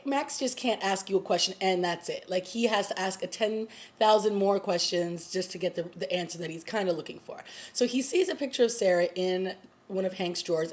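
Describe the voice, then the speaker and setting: A woman's voice: mid-range voice, darkish tone. A woman vlogger giving a casual, chatty recap of a TV episode, full of fillers as she retells the plot. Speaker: TV review vlogger.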